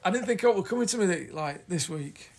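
A man from Yorkshire co-hosts a podcast in a high, animated voice with vocal fry, talking fairly quickly in a casual, rambling, teasing way. A little hiss or hum sits under the recording.

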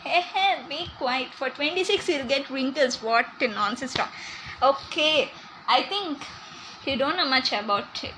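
A woman's voice: sits high, expressive, unhurried, background noise. A young woman hosting a casual podcast, chatty and teasing, laughing often. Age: young adult. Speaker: podcast host.

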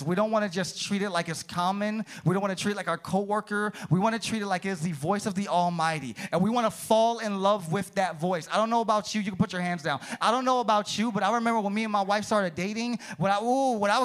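A man preaching a sermon as pastor in a church, swinging from loud high peaks down to low quiet asides and calling out to the congregation. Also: brisk. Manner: energetic, rises to high shouted peaks then drops low; calls out "come on", "praise the Lord" to the congregation.

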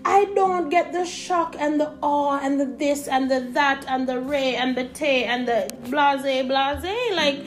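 A young woman with a Jamaican accent talks through a casual opinion podcast in a high, unhurried voice. She rambles in an animated way and drifts into patois. Soft music plays faintly behind her. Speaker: podcast host.

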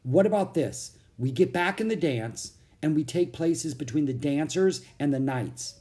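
A man's voice: on the high side, expressive, measured pace, mellow, pitched above the performer's own voice. A man reading an audiobook, voicing a thoughtful, cautious young boy who sounds earnest and worried.

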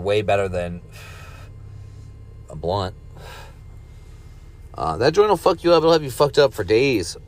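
Profane laid-back stoner man. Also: lowish voice. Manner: profane, meandering, laid-back with ranting bursts. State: high, coughing now and then. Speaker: cannabis vlogger. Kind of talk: casual stoned rambling monologue.

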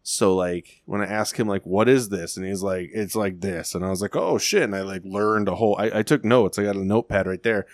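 A man's voice: sits low, a little fast, hardly any pauses, no echo, studio quality. A young man co-hosting a podcast, telling a long rambling story in casual chat, swearing a lot and acting out what people said. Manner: rambling storyteller, heavy swearing, lively quoted voices. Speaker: podcast co-host.

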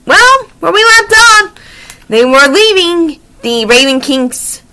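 Super high bright lady voice, lively and bouncy, keeps repeating herself to the listeners. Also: slow pace. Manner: emphatic, repeats herself pleadingly. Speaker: storytime host. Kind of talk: casual chat to listeners.

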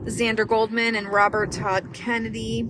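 A young woman co-hosting a podcast in casual chat, talking fast with lots of likes and swearing, with hiccups. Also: on the high side, flat delivery, background noise. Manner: chatty, swears freely, many likes and restarts. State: has the hiccups. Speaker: podcast co-host.

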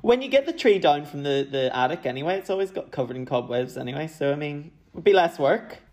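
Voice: mid-range voice, lively intonation, fast, darkish tone. A guest on a podcast talking in a playful, bawdy way. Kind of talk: casual podcast chat.

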